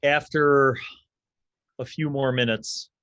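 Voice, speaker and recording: A man's voice: medium pitch, fairly even intonation, slow, fairly bright tone, no echo. A man narrating a tabletop game as game master in a casual way, with loose fillers.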